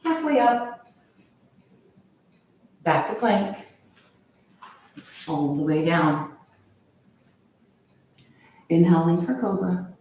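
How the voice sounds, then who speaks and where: A woman leading a yoga class, calmly cueing each pose in time with the breath. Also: on the low side, slow, pauses often, a little hiss or hum. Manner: calm, steady cueing of poses with the breath. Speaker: yoga instructor. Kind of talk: guided yoga class instruction. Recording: very echoey room, voice from far off.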